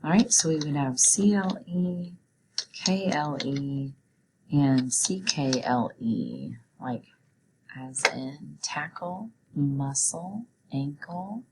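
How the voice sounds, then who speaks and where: A woman teaching a children's phonics lesson, her voice sitting low for a woman. She moves slowly and clearly, pausing so kids can repeat and write. A faint room ambience hums underneath. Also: lively intonation, background noise. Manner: slow, clear, encouraging teacher talk.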